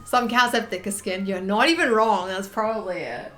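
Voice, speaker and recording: A woman's voice: fairly high pitch, lively intonation, moderate pace, few pauses, fairly bright tone. A young woman streaming her sewing, gushing over a bag she just finished and swearing casually as she talks. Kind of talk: casual live-stream chat while sewing. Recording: echoey room, faint music. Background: faint music.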